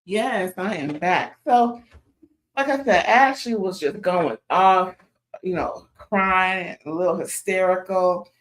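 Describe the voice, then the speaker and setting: A woman's voice: on the low side, slow, a little hiss or hum. A woman recapping a reality TV episode in a casual, chatty commentary full of sassy asides.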